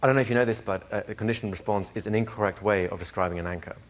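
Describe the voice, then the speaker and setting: A man's voice: on the low side, very fast. Man teaching a live class. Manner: animated, asks the room questions, acts out little scenes. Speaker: hypnosis trainer. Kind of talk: classroom lecture to a live group.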